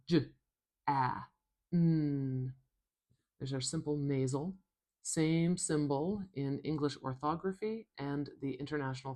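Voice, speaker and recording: A woman's voice: low-pitched, a little mellow. A woman from Canada teaching phonetics, carefully drawing out each speech sound. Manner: slow, careful, drawn-out pronunciations of sounds. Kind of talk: slow instructional explanation.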